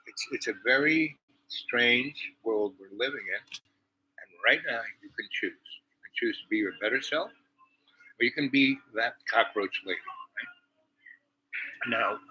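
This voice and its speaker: Bright-voiced rambling male vlogger. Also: on the low side, slight background noise, poor audio. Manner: meandering storyteller, drifting between anecdote and musing. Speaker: vlog host. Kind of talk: rambling casual monologue.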